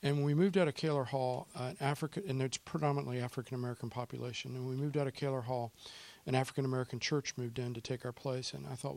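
Emotional pastor, soft then fervent. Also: male voice, medium pitch, fairly even intonation, fast, gravelly, few pauses. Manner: emotional, softly spoken then fervent in prayer. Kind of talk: church talk and prayer. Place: church service.

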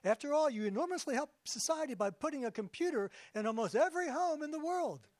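A man's voice: extremely high pitch, animated, fast, dry recording, clean studio sound, pitched above the performer's own voice. A man voicing God as a fussy, kindly old man with a Yiddish accent, told as a joke in a sermon. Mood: chatty. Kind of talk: comic joke-telling in a sermon.

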